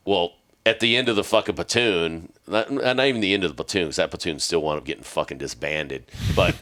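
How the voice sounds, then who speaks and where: Very deep-voiced, profane veteran storyteller. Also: male voice, moderate pace, pushed and bright. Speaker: podcast host, military veteran. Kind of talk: casual storytelling.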